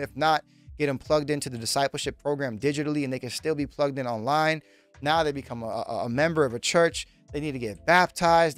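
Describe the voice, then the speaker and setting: Emphatic pastor, fairly high voice. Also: male voice, dry recording. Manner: emphatic, repetitive, direct address to listeners. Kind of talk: sermon-style teaching.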